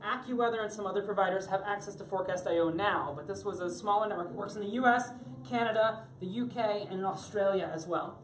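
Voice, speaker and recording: A woman's voice: medium pitch, fast, reverberant, slight background noise, rough recording. A woman from Florida giving a chatty, joking live tech talk to an audience in a room on a cruise ship. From Florida, USA. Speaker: tech presenter.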